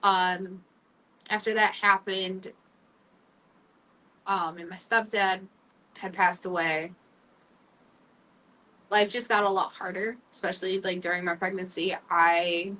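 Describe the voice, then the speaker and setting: A woman's voice: fairly low pitch, steady tone, sharp tone, far from the mic, poor audio. Candid young woman host, a bit off-mic. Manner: candid, emotional, halting with fillers. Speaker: podcast host. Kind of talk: personal storytelling.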